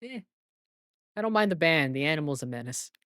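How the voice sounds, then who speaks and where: A man co-hosts a podcast with a lively, swooping voice. He sounds playful and teasing as he runs the questions. The dry, close recording has almost no room sound. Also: fairly high pitch, brisk, no room sound. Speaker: podcast co-host. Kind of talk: casual chat.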